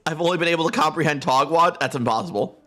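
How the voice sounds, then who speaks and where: A man with a high-leaning, somewhat bright voice talks at a quick pace, soft music behind him. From his room, over a close desk mic, he streams a game and keeps up casual, playful chat, constantly laughing and giggling.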